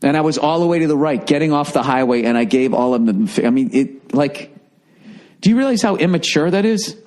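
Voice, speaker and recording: A man's voice: fairly high pitch, brisk. A middle-aged man hosting a podcast, telling a comic story in a profane, exasperated rant with a Boston accent. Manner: profane, exasperated, animated ranting. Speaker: podcast host.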